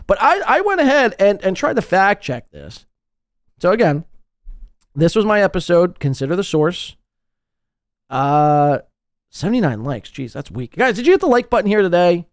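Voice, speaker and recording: A man hosting a live podcast, ranting with crude, sarcastic mockery and swinging between loud outbursts and muttered asides. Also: high voice, big pitch swings, normal speed, pauses often, no echo, clean studio sound. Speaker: podcast host.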